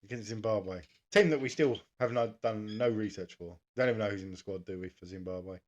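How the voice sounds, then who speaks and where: A man co-hosting a podcast, chatting casually about cricket, laid-back, swearing now and then and quick to laugh. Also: fairly low pitch, lo-fi sound. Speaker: podcast co-host.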